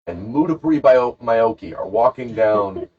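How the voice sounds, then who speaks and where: A man's voice: medium pitch, animated, normal speed, slightly rough. A man co-hosting a podcast who tells a rambling, jokey story in casual chat. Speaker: podcast co-host. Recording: dull lo-fi podcast recording.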